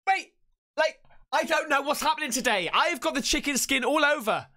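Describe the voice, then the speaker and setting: A man hosting a reaction video, jumpy and swearing freely, shouting when something startles him. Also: very high voice, animated, moderate pace. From England. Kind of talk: excitable reaction commentary.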